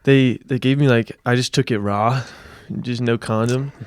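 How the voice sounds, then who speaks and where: A man's voice: mid-range voice, steady tone, moderate pace, clear, resonant tone, no room sound. A man from Dallas, Texas, a musician guesting on a podcast, telling stories in a laid-back, wry, rambling way. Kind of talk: casual chat.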